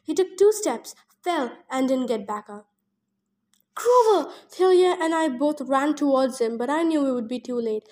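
A woman's voice: high-pitched, moderate pace, a little mellow. A woman reading a novel aloud for her podcast, stumbling over words and breaking off with emotional asides. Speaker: audiobook reader and podcast host.

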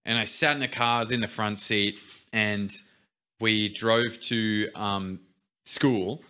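A young man with a bright, forceful voice, talking casually on a podcast. He sits fairly low in pitch and tells his stories in a laid-back way, dropping quieter at the serious parts. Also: fairly even intonation, slow pace, clear, resonant tone. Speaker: podcast co-host.

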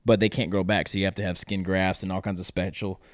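A man's voice: low voice, fast talker, dry recording, studio quality. A young man, a podcast guest casually telling a story and acting out the quotes. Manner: animated storyteller, acts out quotes loudly.

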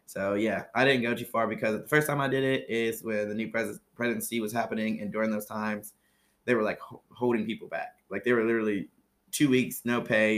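A man's voice: fairly low pitch, fairly bright tone. Rambling young man, casual storytelling. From Ohio, USA. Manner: rambling storyteller, many fillers. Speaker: guest, former flight attendant. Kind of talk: casual chat.

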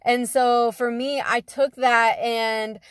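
A woman's voice: fairly high pitch, level tone, slow, clear, resonant tone, no room sound, studio quality. A young woman telling a personal story in a casual, conversational way, full of fillers like "you know". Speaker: guest telling her story.

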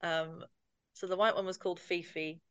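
A woman's voice: lowish voice, steady tone, moderate pace, a crowd in the background. A woman co-hosting a podcast in casual chat, with dry wit and frequent laughs. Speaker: podcast co-host. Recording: dull, very dry sound.

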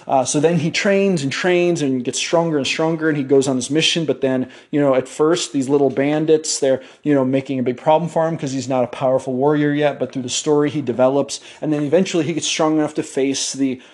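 A man's voice: a little high, steady tone, a little fast, hardly any pauses, a little mellow. A man hosting a podcast, giving a blunt motivational monologue full of swearing, fillers and restarts. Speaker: podcast host.

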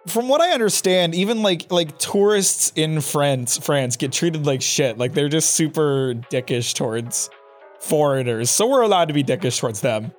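Young male co-host, slightly high voice, dry jokey banter, faint music underneath. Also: lively intonation, normal speed. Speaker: podcast co-host. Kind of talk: casual chat.

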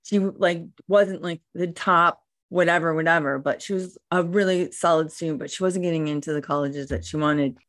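A woman with a notably low voice tells her point casually, with "like" scattered through her sentences. The recording is dry and close. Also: fairly even intonation, moderate pace, few pauses, fairly bright tone, dry recording. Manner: chatty, peppered with "like". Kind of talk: casual conversation.

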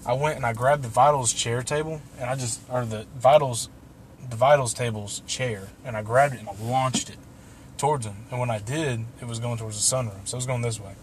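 A man's voice: mid-range voice, fairly even intonation, brisk, a little hiss or hum. A young man telling a long personal story in a loose, casual way, swearing and laughing now and then. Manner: loose and profane, laughing through the tale.

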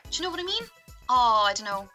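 A woman's voice: on the high side, sing-song, fast, sharp tone, faint music behind. A young Irish woman in casual chat, telling stories with giggles and animation. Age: young adult.

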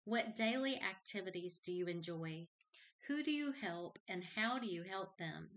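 Expressive and unhurried, this medium-pitched, fairly bright voice belongs to a middle-aged woman hosting a Christian podcast. She reads scripture aloud while giving a heartfelt, earnest personal testimony.

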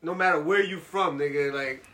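A man's voice: fairly high pitch, normal speed, bright, forceful tone. A man in casual debate with friends, insistent and slangy, talking over the others. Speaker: podcast co-host.

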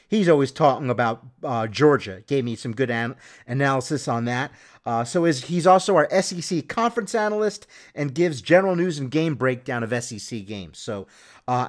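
Male podcast host, slightly high voice, loose chatty delivery with lots of restarts. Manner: rambling, many restarts and fillers. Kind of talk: casual solo sports podcast.

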